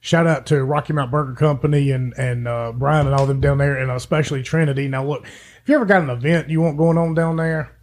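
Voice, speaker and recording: Gravelly Appalachian man, dry humor. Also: a little high, steady tone, fairly quick. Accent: Appalachian American. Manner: dry joking, folksy. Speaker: podcast co-host. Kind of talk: casual chat.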